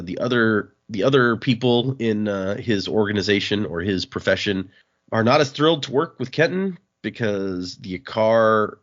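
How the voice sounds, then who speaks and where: A man hosting a podcast, recapping a comic in a relaxed, rambling chat full of fillers. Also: fairly low pitch. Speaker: podcast host. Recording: dull lo-fi sound.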